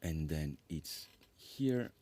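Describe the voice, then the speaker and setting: A man's voice: rumbling low, animated, very slow, mellow. Man giving a rambling lecture. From France. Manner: rambling, self-correcting, apologetic asides. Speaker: composer presenting his work. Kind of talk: conference lecture.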